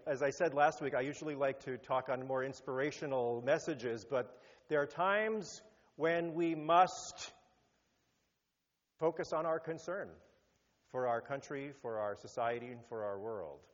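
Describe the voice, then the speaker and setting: Animated man preaching in an echoing hall. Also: a little slow. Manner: animated, rising to emphatic peaks then dropping low. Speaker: rabbi. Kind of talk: sermon. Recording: muffled sound with long hall reverb.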